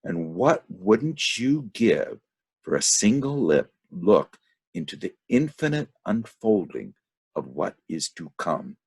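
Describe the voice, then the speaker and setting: A man's voice: low-pitched, sing-song, takes it slowly, a little mellow, slightly rough, pitched above the performer's own voice, full character voice. A man reading as a blind pleading temptress.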